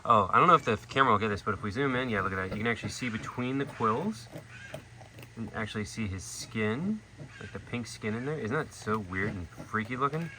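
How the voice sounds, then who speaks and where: A man's voice: lowish voice, lively intonation, a little fast, pushed and bright, low-quality recording. Chatty man at an outdoor animal sanctuary. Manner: chatty, many "like" and "you know" fillers. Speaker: animal sanctuary keeper and vlog host. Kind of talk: casual vlog chat. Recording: outdoor noise in the background.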